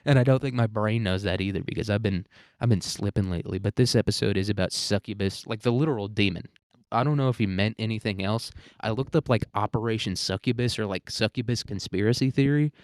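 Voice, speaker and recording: A man's voice: on the low side, fast, darkish tone, no room sound, clean studio sound. A young man hosting a solo podcast, rambling and self-mocking with crude humor. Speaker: podcast host.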